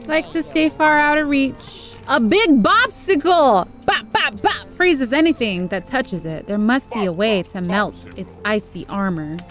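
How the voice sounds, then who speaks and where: A woman's voice: sits high, animated, measured pace, hardly any pauses, faint music behind. Playful woman doing game commentary. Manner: playful, jokey, laughs and repeats words. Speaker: let's play host. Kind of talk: casual gameplay commentary.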